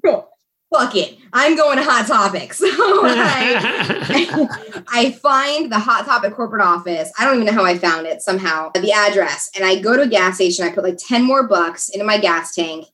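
A woman telling a story in a chatty, animated way, as a guest in a conversation. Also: medium pitch, normal speed. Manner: animated, chatty, many fillers. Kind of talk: casual storytelling.

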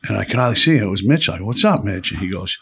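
Profane storytelling man, lowish voice. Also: animated, rapid-fire, creaky, a bit bright, husky. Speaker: podcast host telling prison stories. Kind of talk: casual storytelling chat.

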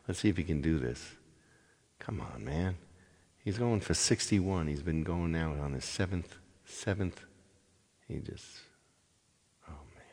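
A man's voice: a bass voice, vocal fry, a little mellow, long reverb tail. A man chatting casually with viewers between songs on his livestream, rambling and apologetic as he talks. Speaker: live-stream singer.

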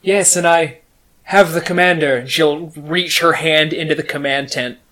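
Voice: mid-range voice, fairly even intonation, normal speed, fairly bright tone. A blunt, wisecracking player in a casual tabletop game, swearing freely. The voice sits in a middle range. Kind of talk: casual tabletop role-play.

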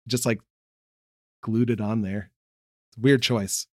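A young man co-hosting a casual chat, laid-back and quick to laugh. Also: lowish voice, steady tone, darkish tone. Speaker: podcast co-host.

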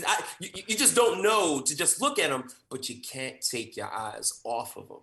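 Man, actor, lively storyteller; bright voice with big pitch swings, roomy sound. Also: normal speed, hardly any pauses. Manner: animated, acts out quotes with big voice swings. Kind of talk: animated storytelling.

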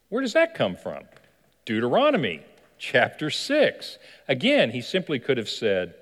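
A man's voice: mid-range voice, huge pitch swings, a little slow, fairly bright tone. A man preaching a sermon as pastor, telling a story animatedly and asking the listeners questions. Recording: long hall reverb.

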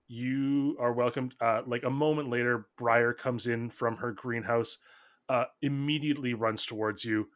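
Male game master, slow unhurried narration, rambling with fillers, mid-range voice. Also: mid-range voice, fairly bright tone. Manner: rambling, filler-heavy, laughs often.

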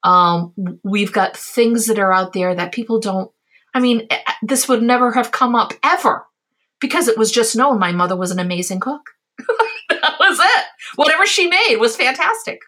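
A woman from the Azores tells family stories as an interview guest, with a bright and clear tone. She talks casually and warmly, sharing heartfelt memories in an animated way. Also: fairly high pitch, moderate pace. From Azores, Portugal. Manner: animated, heartfelt, acts out voices in her anecdotes. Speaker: guest, cookbook author.

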